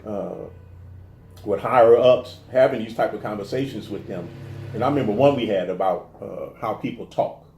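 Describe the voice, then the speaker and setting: A man from the telling stories in a casual interview, animated and restarting his sentences often. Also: fairly low pitch, moderate pace, echoey room, slight background noise. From American South. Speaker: guest talking about his life.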